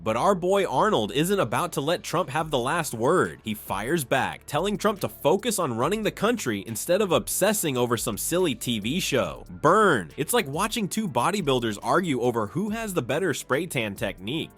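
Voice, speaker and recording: A man's voice: a little high, sing-song, normal speed, few pauses, fairly bright tone, slightly rough. A man narrating a scripted comedic commentary in a snarky, punchline-driven way.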